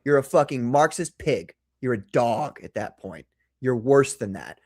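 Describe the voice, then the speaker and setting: Brief: profane, combative live-show host with a lively, swinging pitch, midrange voice. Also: measured pace, dry recording, clean studio sound. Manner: profane, combative, laughs a lot. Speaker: podcast host. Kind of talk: heated rant on a live show.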